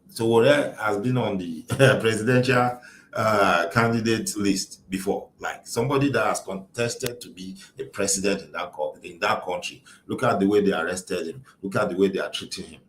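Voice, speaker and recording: A man's voice: fairly low pitch, roomy sound, slight background noise, poor audio. A man hosting a show, giving impassioned social commentary in emphatic, repetitive rhetorical lists. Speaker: show host.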